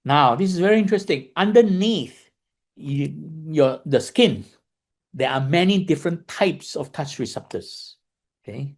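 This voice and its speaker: A man's voice: fairly high pitch, lively intonation, unhurried. Man explaining a dharma lesson. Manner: keeps checking in with listeners with "okay?" and "right?"; repeats points and restarts phrases. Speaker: meditation teacher.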